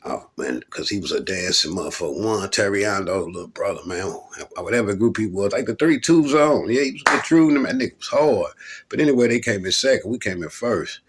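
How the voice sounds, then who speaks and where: A man's voice: on the low side, expressive, a little fast, a little hiss or hum. A middle-aged man from Louisville, a rapper, telling rambling, profane stories about his hip hop days in a laid-back, casual monologue. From Louisville, Kentucky.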